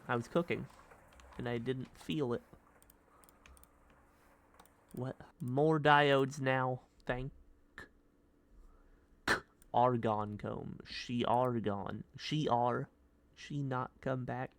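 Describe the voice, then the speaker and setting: A young man streaming a modded block-building game, rambling in goofy, silly commentary with sudden high yelps. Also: steady tone, slow pace, pauses often, slight background noise. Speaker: gaming streamer. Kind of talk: casual gameplay commentary.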